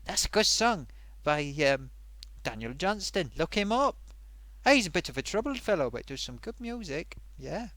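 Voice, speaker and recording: Male live-stream host, higher voice, very lively pitch, rambling and self-amused, dry close sound. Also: moderate pace, no echo. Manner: rambling, chatty, self-amused, many fillers. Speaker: live-stream host reading viewer comments. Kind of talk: casual live-stream chat.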